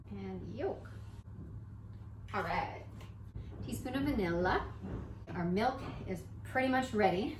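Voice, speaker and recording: A young woman hosting a casual home baking show, walking through a recipe with playful, self-mocking asides in her kitchen. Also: mid-range voice. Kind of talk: casual cooking tutorial. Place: home kitchen with construction noise outside. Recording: echoey kitchen with construction noise.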